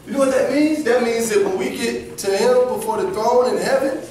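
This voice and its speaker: A man's voice: extremely high pitch, fairly quick, darkish tone. A man teaching an interactive Bible lesson to a class of kids at church. He quizzes the children and acts out little scenes as he goes. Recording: very echoey room, distant camera, faint background noise.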